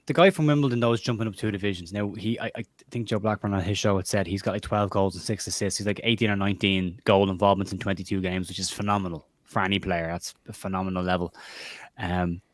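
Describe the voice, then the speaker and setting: Fast-talking man, dry close sound. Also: sits low, no room sound. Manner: animated storyteller, mocking impressions. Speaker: podcast host. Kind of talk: casual football chat.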